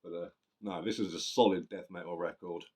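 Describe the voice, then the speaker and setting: A man's voice: low-pitched, steady tone, brisk, a little mellow. A man casually reviewing a death metal album, rambling and swearing, often correcting himself mid-sentence.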